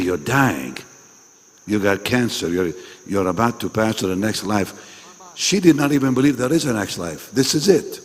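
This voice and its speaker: Slow, animated preacher in a reverberant hall. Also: male voice, sits low, slightly rough. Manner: emphatic, repeats phrases, questions the audience directly. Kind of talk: sermon at a pastors' meeting. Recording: long reverb in a large hall.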